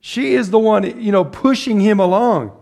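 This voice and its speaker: Guy preaching a sermon kinda high-pitched, chatty, keeps asking the crowd stuff and laughing. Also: normal speed, gravelly, a little mellow. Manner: conversational, asks the audience questions and laughs often.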